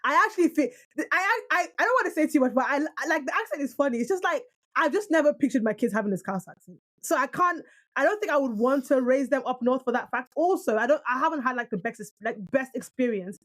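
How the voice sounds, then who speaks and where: A young woman from Nigeria co-hosting a podcast in casual, argumentative chat. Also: high-pitched. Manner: animated, argumentative, quick to protest. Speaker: podcast co-host.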